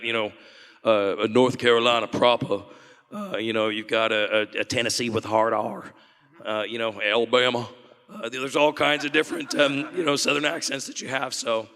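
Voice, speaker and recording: A man's voice: mid-range voice, pushed and bright, long reverb tail. A man answering fan questions on a convention panel, chatty and laughing often, restarting sentences as he talks. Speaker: voice actor panel guest.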